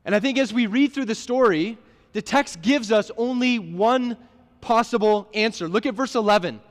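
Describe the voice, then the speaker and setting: A man with a high-pitched voice preaches in a church, talking conversationally and putting questions to the congregation. His words trail off into a long reverb from the sanctuary. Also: normal speed. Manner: conversational, asks the listeners questions, restarts words. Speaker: pastor. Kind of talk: sermon.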